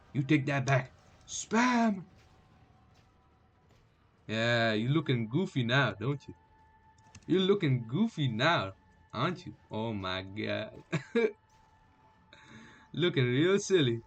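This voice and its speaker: A young man streaming gameplay, chatting casually and trash-talking enemies with sudden yells. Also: medium pitch, lively intonation, measured pace, long pauses. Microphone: headphones with mic.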